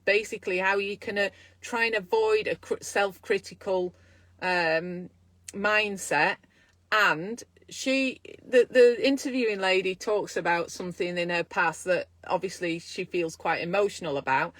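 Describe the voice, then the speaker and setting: A chatty woman, a midwife, talks casually to camera in a self-care vlog, thinking aloud and encouraging her viewers. Her voice sits at an ordinary middle pitch. The sound is dry and close, with no room echo.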